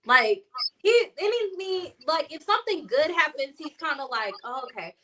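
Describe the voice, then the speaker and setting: A woman co-hosting a sports chat show, her voice bright and a little high. She rambles through her points in a relaxed, chatty way and laughs often along the way. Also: moderate pace. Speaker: sports talk show co-host.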